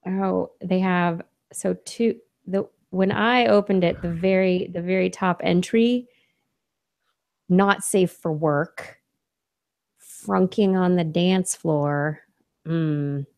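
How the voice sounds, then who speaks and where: A woman's voice: on the low side, fairly even intonation, takes it slowly, gravelly, a little mellow. A woman co-hosting a podcast in casual pre-show banter, emphatic and playfully indignant. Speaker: podcast co-host.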